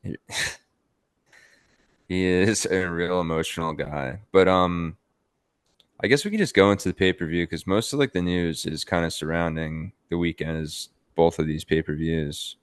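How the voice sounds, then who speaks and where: A man's voice: low voice, measured pace, clear, resonant tone, no echo, studio quality. A man co-hosting a podcast in casual chat, rambling with lots of "like" and some swearing. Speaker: podcast co-host.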